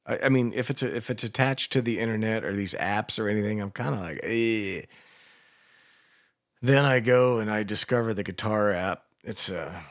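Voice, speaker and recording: A man in his sixties talks on morning radio with a fairly low voice. He tells long, rambling stories laced with profanity and quick self-mocking laughs. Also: no echo, studio quality. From Washington, D.C. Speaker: radio co-host. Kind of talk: casual radio banter.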